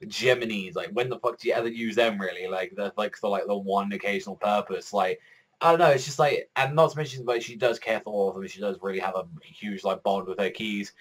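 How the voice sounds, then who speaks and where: A young man giving a casual, excitable anime episode review, rambling with lots of fillers and swearing. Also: fairly low pitch, a little fast, few pauses.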